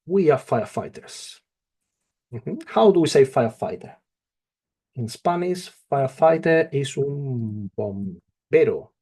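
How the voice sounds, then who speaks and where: A man teaching a Spanish lesson, slow and patient, repeating each phrase. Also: mid-range voice, expressive, dark tone, breathy edge. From not from England. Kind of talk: slow spoken language lesson.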